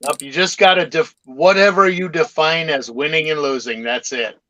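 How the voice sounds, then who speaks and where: A man's voice: a little high, moderate pace, sharp tone, a little hiss or hum. A man in casual chat who hesitates and trails off, filling gaps with ums. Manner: hesitant, trailing off, filler-heavy. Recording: slightly dull lo-fi mic.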